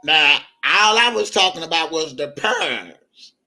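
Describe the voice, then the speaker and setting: A man hosting a livestream, ranting in an animated, profane way and laughing often. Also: a little high, a little slow, vocal fry, soft background music. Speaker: livestream host. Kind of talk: unscripted livestream rant.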